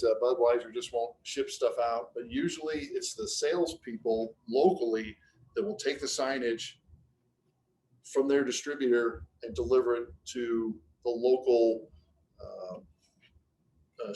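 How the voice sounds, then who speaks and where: A man's voice: mid-range voice, darkish tone, rough recording. A man giving a casual business webinar, talking conversationally with anecdotes and frequent restarts over a computer mic. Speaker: webinar presenter.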